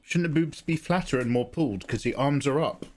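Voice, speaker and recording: A man's voice: medium pitch, fairly quick. A man chatting casually and joking playfully while drawing on a live art stream. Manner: playful, jokey, animated.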